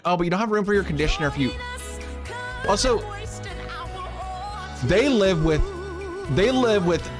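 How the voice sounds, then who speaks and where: Bubbly high-voiced male game streamer. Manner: bubbly, chatty, rambling, thanks viewers warmly. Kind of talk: casual live-stream chat while playing.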